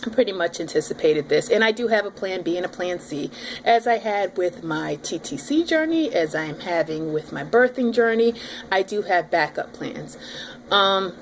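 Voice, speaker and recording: A pregnant woman in her thirties telling her audience a story in a casual, animated vlog. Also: on the low side, moderate pace, a little hiss or hum. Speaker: vlogger.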